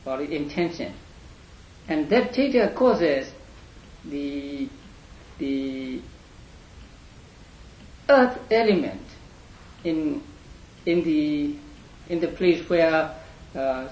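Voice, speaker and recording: A man lecturing a class in an unhurried, halting way, often repeating words and pausing on fillers. His voice sits a little high for a man and is very slow. It carries around an echoey room with a faint hum underneath. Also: darkish tone. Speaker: teacher.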